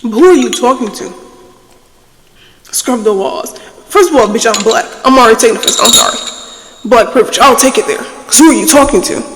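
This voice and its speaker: A woman's voice: on the high side, lively intonation, brisk, pauses often, in a large hall, slight background noise, rough recording. A woman hosting a casual ASMR storytime chat, telling her story bluntly and animatedly with plenty of swearing. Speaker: ASMR channel host.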